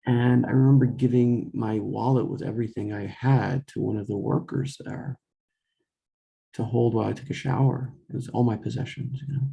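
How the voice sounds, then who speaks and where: Man, young adult, gravelly low fry, mellow dark tone, casual rambling storytelling, lots of fillers and restarts. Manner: rambling, full of fillers and self-corrections; quotes himself and others in dialogue.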